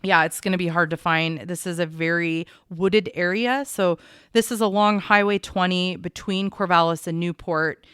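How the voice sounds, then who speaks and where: Woman podcast host, low smooth voice, dry close sound, casual true crime chat. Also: steady tone, a bit bright, no room sound. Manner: recounts case details in a measured, conversational way.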